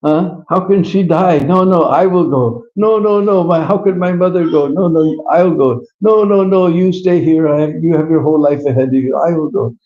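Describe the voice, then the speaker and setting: A man's voice: on the high side, moderate pace, few pauses, voice pushed up, lightly acted. A man voicing a loyal young cowherd boy who insists emphatically, in a roomy, slightly dull live recording. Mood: insistent.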